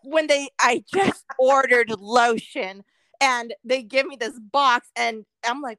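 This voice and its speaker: A woman co-host with a bright, slightly high voice, talking in loose, profane chat. She rants easily and breaks into laughter. The recording is dry and close. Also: slow, dry recording. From Oregon, US. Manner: profane, rant-prone, laughs often. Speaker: podcast co-host. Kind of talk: casual chat.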